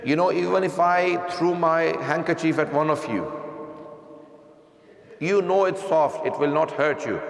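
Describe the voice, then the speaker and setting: Gravelly preacher in a reverberant hall. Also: male voice, a little high, unhurried, long pauses. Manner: storytelling, rhetorical questions to the audience. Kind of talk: majlis sermon.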